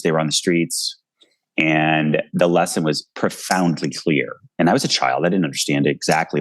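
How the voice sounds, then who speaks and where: Earnest, impassioned deep-voiced man. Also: no room sound, rough recording. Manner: earnest, impassioned, speaks in bursts. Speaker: author and guest. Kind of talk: video call interview. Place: his home.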